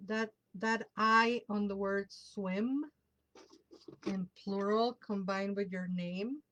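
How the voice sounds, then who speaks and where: A woman's voice: medium pitch, fairly even intonation, takes it slowly, a bit bright, low-quality recording. A woman whose first language is Spanish, hosting a live tarot show in casual chat, greeting viewers by name and dropping Spanish words into her English.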